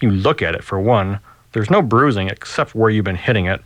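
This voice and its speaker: A man's voice: on the low side, expressive, brisk, a bit bright, no room sound. A man voicing a smug, dismissive grocery produce manager in a story reading.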